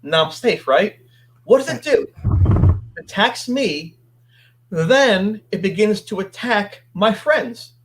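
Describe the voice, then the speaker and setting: High-voiced, animated male storyteller. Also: takes it slowly, pauses often. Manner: animated, acts out quoted voices. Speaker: guest. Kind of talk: storytelling interview.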